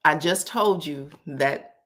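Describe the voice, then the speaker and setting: A woman's voice: low-pitched, slow. A woman chatting casually on a live stream, telling family stories with frequent laughs and acting out quoted lines in a raised voice. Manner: animated, laughs often, acts out quotes in a raised voice.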